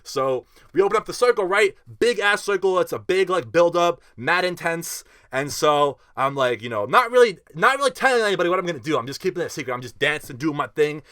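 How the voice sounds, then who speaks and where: Fast-talking young man telling a rowdy story. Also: fairly high pitch, dry recording, clean studio sound. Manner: animated, slangy, profane, lots of "like" fillers. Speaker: festival vlogger telling a story. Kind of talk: casual storytelling.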